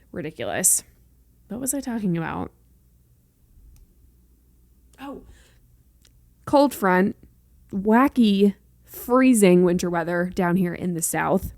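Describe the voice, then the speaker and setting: A woman's voice: mid-range voice, darkish tone, no echo, studio quality. A young woman from North Carolina hosting a solo podcast in a chatty, rambling way, with playful sassy asides. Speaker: podcast host. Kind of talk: casual solo podcast chat.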